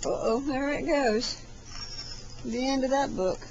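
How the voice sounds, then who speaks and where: A woman's voice: sits high, measured pace, dull audio, heavy background noise. A mother in her thirties plays with her toddler at home, reading a picture book in a playful sing-song voice with animal noises and laughter, recorded on a camcorder. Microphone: built-in camcorder mic.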